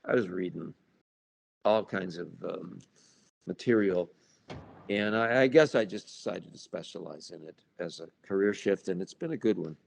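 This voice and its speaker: A man's voice: deep voice, lively intonation, moderate pace, creaky. A man, an author and paranormal researcher, talking casually in an interview, wry and storytelling, acting out little scenes. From United States. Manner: wry storytelling, acts out party chatter.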